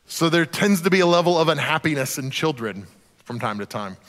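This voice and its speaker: This man's fairly high, bright voice is expressive and a little fast, ringing with long hall reverb. Preaching as a pastor, he's conversational and jokey, occasionally voicing the people he quotes.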